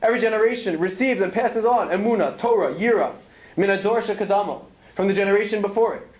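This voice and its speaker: High-voiced man giving an earnest Torah talk. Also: quick pace, reverberant. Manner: earnest storytelling, weaving in Hebrew terms. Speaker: speaker at a student event. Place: event hall.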